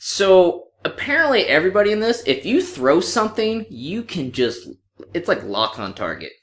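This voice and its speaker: A man co-hosting a podcast, chatting casually about a movie, animated and swearing freely. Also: sits high, moderate pace, reverberant. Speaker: podcast co-host. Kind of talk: casual movie review chat.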